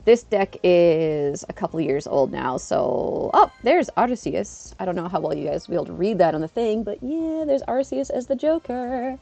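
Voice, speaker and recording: A young woman streamer chatting casually to her live-stream viewers, acting out quoted people in an animated way and laughing often. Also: normal speed, hardly any pauses, dry recording. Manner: animated, acts out quotes with big pitch jumps. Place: living in Japan.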